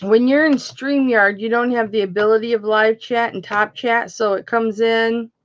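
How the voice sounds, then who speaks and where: A woman's voice: a little high, fairly even intonation, normal speed, lo-fi sound. A woman hosting a live online jewelry auction, chatting casually and calling out bidders by name as she counts down the bids. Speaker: auction host.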